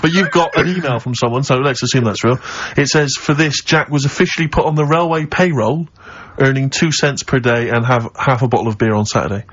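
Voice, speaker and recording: A man's voice: medium pitch, brisk, few pauses, fairly bright tone, husky. Wry man in radio banter. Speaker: radio co-host. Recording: dull lo-fi radio broadcast.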